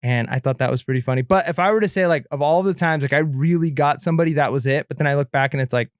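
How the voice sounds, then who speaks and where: Podcast co-host, thirties, male, slightly high smooth voice, rambling storyteller, dry close mic. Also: rapid-fire, no room sound. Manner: rambling, lots of filler and restarts. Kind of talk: casual chat, storytelling.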